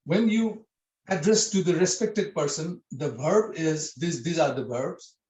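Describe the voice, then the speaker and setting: A man's voice: a little high, measured pace, darkish tone. Patient male language teacher, echoey room. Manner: patient, repeats and checks with "okay?". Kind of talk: online language lesson.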